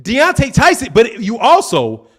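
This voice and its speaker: Boxing host, man, high voice, swooping delivery, combative and mocking, live-stream commentary. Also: wildly swooping pitch, unhurried, husky. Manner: combative, mocking, trash-talking. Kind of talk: live-stream commentary reading super chats.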